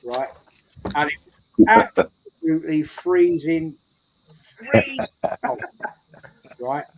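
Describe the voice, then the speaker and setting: A man's voice: a little high, sing-song, slow, creaky, a little mellow, low-quality recording. A man telling a rambling story in casual chat, repeating his words as he goes. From England. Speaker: show regular. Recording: faint background noise.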